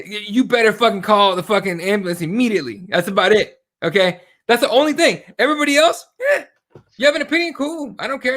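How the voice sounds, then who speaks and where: A man with a notably high speaking voice chats on a podcast. He swears freely and tells stories by playing out the back-and-forth in quotes. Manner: profane, animated storytelling with quoted exchanges. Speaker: podcast co-host. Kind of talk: casual podcast chat.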